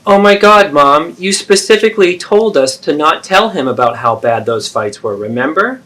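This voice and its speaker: An adult daughter, played by a man speaks in a mid-pitched voice and presses her mother earnestly and persistently. It is a therapeutic role-play, and the delivery stays plain and sincere. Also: moderate pace, fairly bright tone, natural voice.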